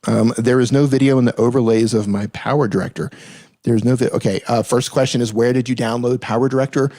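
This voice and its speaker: Relaxed chatty man hosting a live Q&A. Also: medium pitch, fast, no room sound, studio quality. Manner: relaxed, chatty, laughs often, reads comments aloud. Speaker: livestream host answering questions. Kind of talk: casual live Q&A chat.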